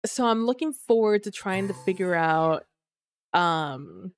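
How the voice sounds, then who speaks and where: A woman streaming a game live, chatting casually with her viewers while she plays, sleepy and relaxed. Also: medium pitch, unhurried. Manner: relaxed, chatty, muses aloud to chat. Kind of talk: casual live gameplay chat.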